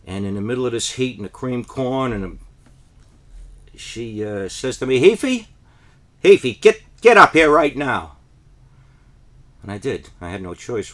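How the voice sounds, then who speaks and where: A man from New Jersey telling a deadpan parody monologue, rambling and then rising into frantic, high-pitched pleas. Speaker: comic storyteller.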